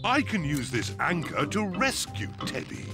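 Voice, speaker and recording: A man's voice: fairly high pitch, wildly swooping pitch, a little slow, exaggerated voice. A man voicing a proud, bumbling father pig in a cartoon, with a hearty, self-assured manner. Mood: confident. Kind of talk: cartoon voice acting. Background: music.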